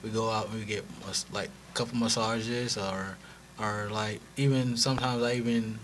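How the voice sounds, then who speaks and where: Man, Southern accent, low-ish pitch, halting speech, interview guest. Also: fairly even intonation, fairly bright tone, slight background noise. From North Carolina. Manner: halting, restarts often. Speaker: guest, caterer. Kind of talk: casual interview.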